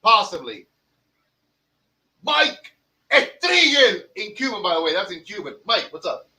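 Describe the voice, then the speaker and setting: Very animated yet unhurried, a man with a high-pitched, sharp voice hosts a podcast full of profane jokes. He ribs his co-hosts in brash, casual back-and-forth. His voice sounds somewhat distant from the mic.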